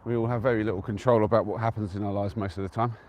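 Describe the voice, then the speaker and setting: A man's voice: on the low side, fairly even intonation, very fast, a little mellow, a little hiss or hum. A man from England chatting casually on a live stream from an open hilltop, easygoing and answering viewers' comments as he goes. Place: outdoors on a windy-free open hilltop at a trig point.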